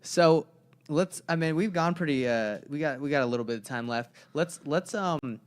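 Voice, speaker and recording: A man's voice: a little high, moderate pace, clear, resonant tone. A young man co-hosting a podcast, telling a long story in a loose, rambling way and acting out the people in it. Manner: rambling storyteller who acts out the people in his anecdotes. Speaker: podcast co-host. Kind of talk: casual podcast conversation.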